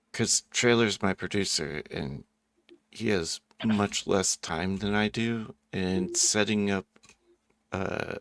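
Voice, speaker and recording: A man's voice: low-pitched, gravelly, a bit bright, no echo. A man hosting a casual open panel stream, talking in a laid-back way and laughing often. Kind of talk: casual chat.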